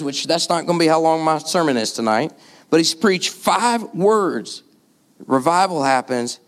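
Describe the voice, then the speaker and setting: A man preaching a sermon in a casual, conversational way, full of filler words and sudden jumps in pitch for emphasis. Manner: animated, swings pitch up and down for emphasis.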